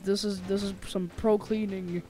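A man's voice: high-pitched, little pitch movement, moderate pace, mellow, soft background music, natural voice. A young man voicing a chatty, hapless male robot bear janitor in a game role-play, muttering to himself as he works. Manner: mutters to himself while working.

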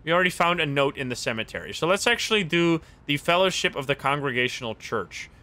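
Streamer: young man, excitable running commentary, lively bright voice, lots of laughs. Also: on the high side, quick pace. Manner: excitable, thinks aloud, laughs and exclaims often. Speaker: streamer playing a game. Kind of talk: casual live gameplay commentary.

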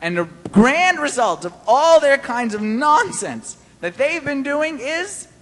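A man preaching a sermon-style Bible study, animated and playful, quizzing his listeners. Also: very high-pitched, takes it slowly, long reverb tail.

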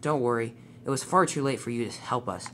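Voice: mid-range voice, brisk, fairly bright tone, slight background noise, lightly acted. A narrator voicing a friendly small male engine in a toy-train story. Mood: reassuring.

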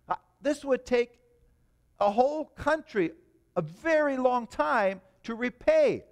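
A pastor preaching a sermon in a church, talking in an animated, emphatic way. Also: male voice, very high voice, slow pace. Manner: animated, emphatic, rising to stress points.

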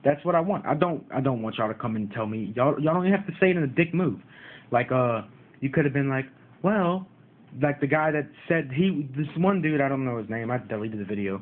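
A man's voice: mid-range voice, animated, a little fast. A man rants to his viewers about rude comments on his card game videos, repeating himself and mocking commenters. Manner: frustrated, repetitive, mocks commenters. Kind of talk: ranting vlog to viewers. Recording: tinny phone-like audio.

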